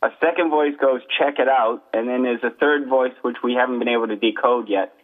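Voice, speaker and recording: A man in a casual radio chat, calmly explaining ghost recordings in a plain-spoken way. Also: medium pitch, fairly quick. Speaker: paranormal investigator guest. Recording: tinny phone-line radio audio.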